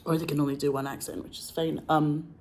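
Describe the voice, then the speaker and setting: A Scottish woman, an actress, talking casually and excitedly, gushing and swearing, with a frog in her throat. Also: low voice, a little fast, slight background noise. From Scotland. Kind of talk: casual monologue.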